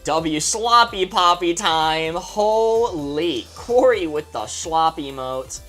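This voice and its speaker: A woman's voice: on the low side, lively intonation, slow pace, a bit bright, faint music behind. A woman hosting a live game stream, chatting playfully and laughing often as she thanks her viewers. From New York. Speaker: streamer host. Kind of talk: casual live-stream chat.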